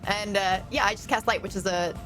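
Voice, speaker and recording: A woman playing in a tabletop role-playing game, chatty and giggly, thinking out loud with fillers. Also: mid-range voice, fairly even intonation, brisk, faint music behind. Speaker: player. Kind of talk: tabletop game play, casual.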